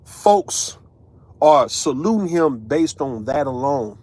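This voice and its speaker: A man's voice: mid-range voice, sing-song, slow pace, a little mellow. A man, ranting casually as an online commentator, profane and emphatic, tagging lines with right and man. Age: 30s.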